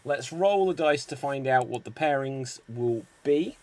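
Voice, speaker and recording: A man hosting an online improv comedy show, explaining the games in a brisk, upbeat way. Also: mid-range voice, lively intonation, a little mellow.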